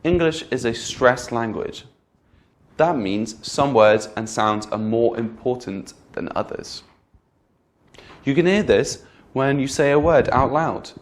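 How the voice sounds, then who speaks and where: Male English tutor, middle pitch, slow and deliberate, drawing out stressed syllables. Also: expressive. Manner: models words slowly with exaggerated stress. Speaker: English pronunciation teacher. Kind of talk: slow, clear teaching delivery.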